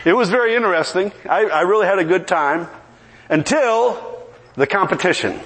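His voice is high-pitched at a normal speed, with a little hiss or hum in the recording. He spins a funny, lively story in his sermon and rises to emphatic preaching while the congregation responds.

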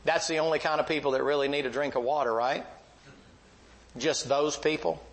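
A man's voice: a little high, fairly even intonation, fairly quick, low-quality recording. A man preaching a sermon, telling a vivid Bible story in a folksy, emphatic way.

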